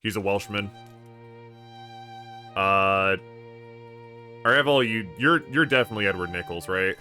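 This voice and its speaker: A man's voice: on the low side, measured pace, sharp tone, soft background music. A man streaming a game, thinking aloud in a hesitant, musing way. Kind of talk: casual gameplay commentary.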